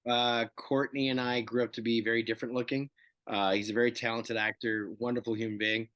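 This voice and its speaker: A man in his fifties, a guest actor in a casual interview, telling animated stories and acting out the dialogue. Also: mid-range voice, brisk, no room sound. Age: 50s. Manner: animated storyteller who acts out dialogue.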